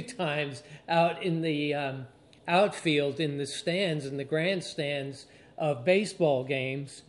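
A pastor preaching a sermon to his congregation, slowly stressing key phrases and drawing out his emphasis. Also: fairly high pitch, a little mellow. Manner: slow, deliberate preaching with drawn-out emphasis.

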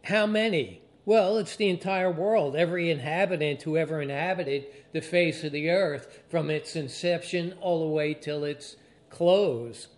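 A pastor preaching a sermon to his congregation, slowly stressing key phrases and drawing out his emphasis. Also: a little high. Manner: slow, deliberate preaching with drawn-out emphasis.

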